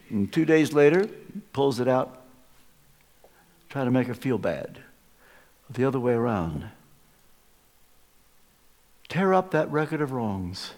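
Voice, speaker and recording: A man preaching a sermon at a live church service, emphatic, swinging from loud stresses to hushed asides. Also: medium pitch, lively intonation, slow, long pauses. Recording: long reverb of a large church.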